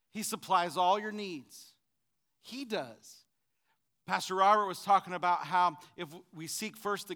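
In a lively sermon, a high-voiced, bright-sounding male preacher invites the congregation to answer back. One moment he's loud and fervent, the next he drops into a quiet, conversational aside.

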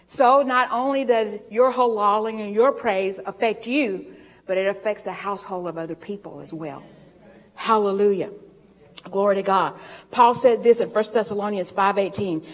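A woman's voice: mid-range voice, normal speed, in a large hall. A woman preaching a sermon in a folksy storytelling way, laughing often and drawing out scripture readings.

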